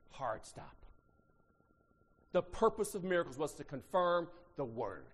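A middle-aged man from Ohio with an Ohio accent, preaching a sermon. He swings between shouted emphasis and low asides and draws the congregation into call-and-response. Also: big pitch swings, a little slow, long pauses, slightly rough. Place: church sanctuary. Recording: long reverb in a large hall.

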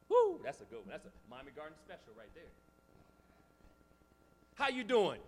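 High-voiced preacher in a big hall. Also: male voice, huge pitch swings, moderate pace, long pauses. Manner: preaching with rising shouts and sudden quiet asides. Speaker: pastor. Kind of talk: sermon. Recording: long reverb of a large hall.

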